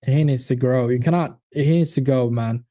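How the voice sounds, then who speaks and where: A man's voice: medium pitch, normal speed, mellow, dry recording, studio quality. A man hosting a live football watchalong, chatting casually and animatedly with viewers, swearing and calling them by name. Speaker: watchalong host. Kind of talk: casual live-stream chat.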